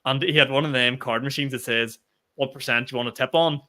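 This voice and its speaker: A man's voice: mid-range voice, fairly quick. A young man, a stand-up comedian co-hosting a podcast, telling stories in casual, swearing chat. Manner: animated storytelling, swears freely.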